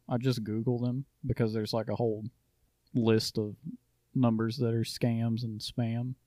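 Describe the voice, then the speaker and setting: A man's voice: medium pitch, dark tone, dry recording. A man co-hosting a podcast, telling stories in a dry, matter-of-fact way. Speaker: podcast co-host. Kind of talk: casual storytelling.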